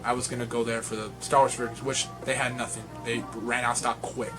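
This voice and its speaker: A young man vlogging about toy collecting, telling a rambling, excitable story and laughing often. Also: medium pitch, a little fast, music in the background. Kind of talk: casual vlog storytelling.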